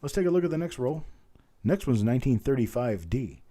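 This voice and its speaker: A man running a live coin auction stream, rattling off bid calls and greeting viewers by name. His voice is very dark and mellow, sitting at an ordinary middle pitch, and sounds a little worn from hours of talking. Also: sing-song, fairly quick. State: voice strained from talking.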